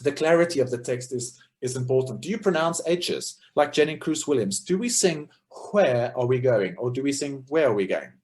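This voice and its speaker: A man, speaking in an earnest lecturing tone and stacking up rhetorical questions. His voice sits at a middle pitch, and he talks the way an experienced choral conductor teaches. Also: expressive, fairly quick, hardly any pauses, darkish tone. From South Africa. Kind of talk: lecture talk.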